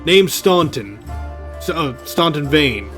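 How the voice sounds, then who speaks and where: A man's voice: on the high side, expressive, slow pace, a bit bright, faint music behind. A man reading aloud as a gloomy, guilt-ridden disgraced male crusader in a video game, in a weary, heavy tone. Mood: morose.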